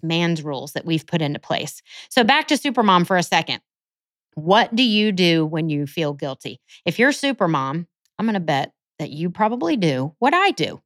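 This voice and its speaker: A woman with a mid-range voice hosts a Christian podcast, recorded dry. Her Bible teaching is a scripted monologue, earnest in tone and citing scripture verses.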